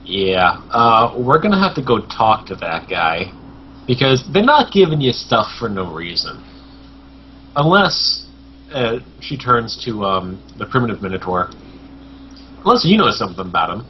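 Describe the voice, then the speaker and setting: A man's voice: on the low side, sing-song, measured pace. Casual man reasoning as a player. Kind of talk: tabletop game play. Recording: lo-fi voice chat with faint noise.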